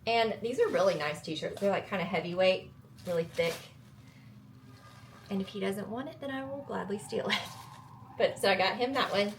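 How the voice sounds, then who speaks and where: A young woman with a Southern US accent speaks at medium pitch and normal speed, pausing often, over a little hiss or hum. In her travel vlog she chats upbeat to camera and jokes about herself.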